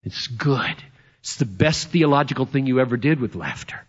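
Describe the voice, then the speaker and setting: A man in his fifties preaching a sermon, emphatic and playful, swinging from loud to hushed. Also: medium pitch, animated, moderate pace, slightly rough, muffled recording. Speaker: pastor.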